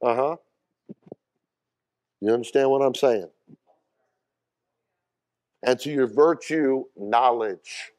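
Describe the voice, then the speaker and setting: A man, preaching a sermon as a pastor. He swings from loud high bursts to quieter asides, repeats words and calls out questions to the congregation. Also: slow, long pauses.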